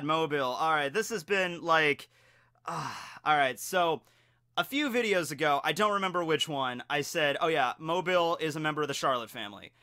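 A man hosting a casual fan commentary channel, talking in an energetic, rambling way with many restarts. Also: sits high. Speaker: YouTube host.

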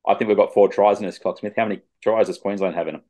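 Over a video call, a man co-hosts a rugby league podcast, trading relaxed, jokey banter in casual sports chat. His voice is lowish and dark in tone, with fairly even intonation, and he talks at a racing pace.

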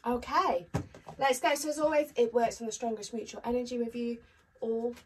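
A woman's voice: a little high, fairly even intonation, normal speed. A woman chatting casually to camera as a tarot reader, upbeat with frequent ums. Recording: distant mic with faint noise.

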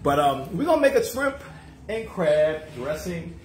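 A man's voice: a little high, very animated, slight background noise. Chatty man in an echoey kitchen. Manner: joking, chatty, playful, drawn-out asides to viewers. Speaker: cooking show host. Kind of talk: casual livestream cooking chat. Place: home kitchen. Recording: echoey kitchen with music behind.

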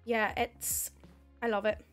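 Northern Irish woman, young, high-pitched, casual streamer talk, faint background music. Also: flat delivery, slow, a bit bright. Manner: chatty, thanks viewers by name, says "heck". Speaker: live streamer. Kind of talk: casual live-stream chat.

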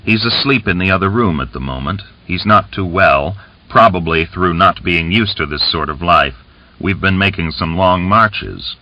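A man's voice: low voice, moderate pace, close to an everyday voice. A man reading aloud, voicing a scheming, boastful Cossack rebel leader who talks with coaxing, smug confidence, on a dull lo-fi recording.

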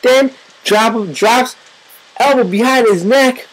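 A woman giving excitable, profane, joking play-by-play commentary over a wrestling video game. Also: fairly high pitch, slow pace, poor audio.

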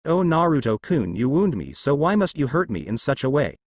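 A man's voice: on the high side, big pitch swings, a little fast, no echo. Man reading as a flirty fox spirit woman, teasing, dry close sound. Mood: mock hurt. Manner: teasing, suggestive.

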